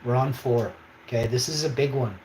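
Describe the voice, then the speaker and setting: Recorded in an echoey room with faint background noise, this livestream host talks emphatically and rambles, frequently checking in with viewers. His mid-range voice has a darkish tone and a moderate pace.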